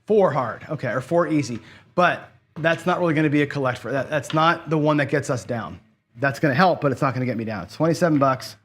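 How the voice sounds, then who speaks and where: A man's voice: fairly high pitch, fast, fairly bright tone, slight background noise. A man hosting a live online craps stream, chatting to viewers and getting frustrated and cursing as he loses. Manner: frustrated, swearing, talks to chat. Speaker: online casino game host. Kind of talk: casual live-stream commentary.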